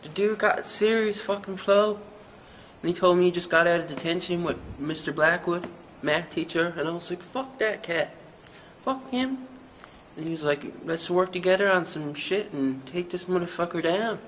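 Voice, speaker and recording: An actor with a Newfoundland accent playing a young small-town rapper who rambles through a hazy, profane story in an interview. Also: male voice, high-pitched, moderate pace, fairly bright tone, a little hiss or hum, poor audio. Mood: rambling. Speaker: mockumentary interviewee.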